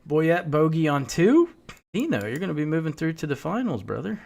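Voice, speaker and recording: A man's voice: on the high side, big pitch swings, fairly quick, vocal fry, darkish tone, slight background noise. A man streaming a game, chatting casually and telling rambling stories full of profanity. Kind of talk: casual chat while playing.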